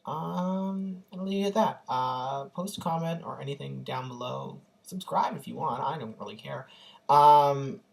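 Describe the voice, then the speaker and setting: A man's voice: mid-range voice, a little slow, creaky. Young man gushing in an echoey room. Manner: gushing, animated storytelling with many fillers. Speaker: vlogger. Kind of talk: casual storytelling vlog. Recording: echoey room, distant from the mic.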